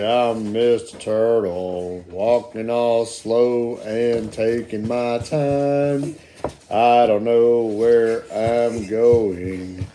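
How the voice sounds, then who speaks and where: A performer voicing a slow, easygoing male turtle in a homemade puppet show, drawling and unhurried. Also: mid-range voice, dark tone, voice pushed down.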